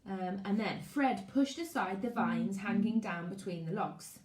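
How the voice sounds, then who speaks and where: A primary school teacher with a mid-range voice and a slightly slow pace streams her class live from her living room at home. She's lively, greets each pupil by name, reads out comments, and chats before reading aloud. The recording is echoey, with a little hiss or hum.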